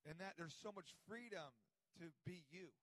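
A man preaching a sermon, telling a personal story in an animated, conversational way and acting out the voices in it. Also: high voice, normal speed, rough recording.

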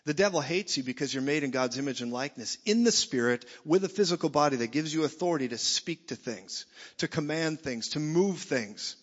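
A man preaching a sermon in a church, blunt and jokey, swinging from loud to soft. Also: on the high side, expressive, brisk. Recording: dull sound in a reverberant hall.

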